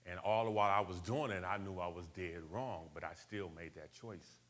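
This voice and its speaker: A man from Buffalo, USA, speaks to a live audience as a motivational speaker. His voice sits on the low side, and he talks conversationally, checks in with the room and uses street slang. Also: fairly even intonation, normal speed. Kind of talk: personal story told to a live audience.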